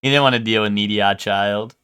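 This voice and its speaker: A man's voice: on the low side, fairly even intonation, fast, pushed and bright, smooth. A young man streaming a game live, talking in a rambling, casual way with lots of swearing and "like". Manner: rambling, swears a lot, full of "like".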